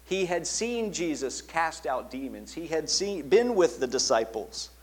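A man preaching a sermon in an earnest tone, dropping soft and quiet when he quotes the words he attributes to Jesus. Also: fairly high pitch, very animated, measured pace, husky. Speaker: pastor.

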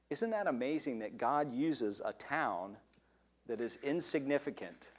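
A man's voice: mid-range voice, animated, measured pace. A man preaching a sermon, asking his listeners questions and stressing key words.

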